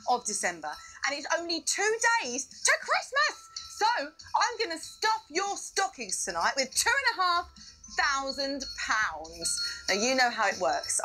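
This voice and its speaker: A woman's voice: high-pitched, pushed and bright, rough recording. A woman hosting a live quiz show, bubbly, with playful asides.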